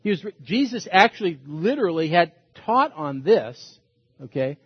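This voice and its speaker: Earnest pastor preaching, slightly husky. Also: male voice, sits high, very animated, normal speed, no echo, lo-fi sound. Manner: earnest, pastoral, emphatic repetition. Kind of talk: sermon.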